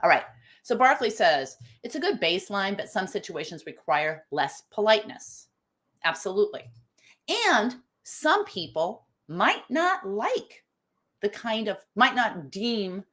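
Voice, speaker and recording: Hosting a live-stream talk, a middle-aged woman from the US speaks at medium pitch with a fairly bright tone. She reasons out loud, backs up to restart phrases, and shares what viewers write in the comments.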